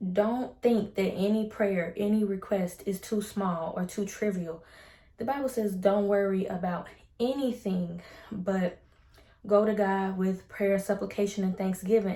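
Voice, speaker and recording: Upbeat woman vlogger, mellow voice, casual chatty hair-tutorial talk in a roomy space. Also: mid-range voice. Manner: chatty and upbeat, uses Southern US slang. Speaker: beauty vlogger. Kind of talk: casual chat with devotional talk. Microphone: ring light setup at home.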